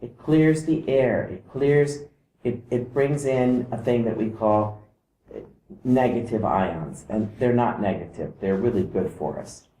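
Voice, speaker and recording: A man giving a calm explanatory talk to camera. He mimics vibrations by singing short "da" syllables. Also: mid-range voice, measured pace, echoey room, slight background noise, poor audio. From outside Iceland.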